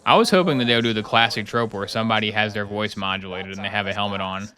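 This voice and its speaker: Male streamer, casual live chat, sarcastic and rambling, bright-toned voice. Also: on the low side, fast.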